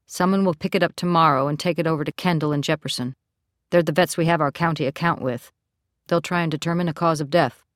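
In an audiobook, a woman voices a calm small-town male deputy who speaks matter-of-factly and keeps a dry edge. The voice sits low, and the recording is close and dry with no room sound. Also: fast talker, no room sound, close to an everyday voice. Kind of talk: audiobook character reading.

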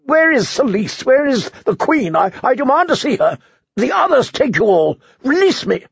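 A man voicing a frightened, pompous older high-born lord who pleads in a shrill voice. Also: expressive, a little slow, creaky, darkish tone, breathy edge, dry recording, highs cut off, full character voice. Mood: desperate pleading. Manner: shrill pleading, then fussy self-pity.

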